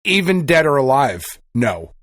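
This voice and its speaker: A man's voice: mid-range voice, sing-song, unhurried, a bit bright, dry recording. Foul-mouthed man rambling through a story. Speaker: podcast co-host. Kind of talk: casual chat.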